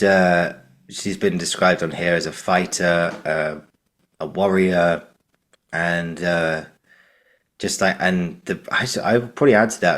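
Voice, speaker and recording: A man's voice: low-pitched, fairly bright tone. A man with a southern English accent hosting an interview podcast, talking eagerly in long rambling sentences full of fillers. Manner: enthusiastic, rambling, filler-heavy. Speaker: podcast host.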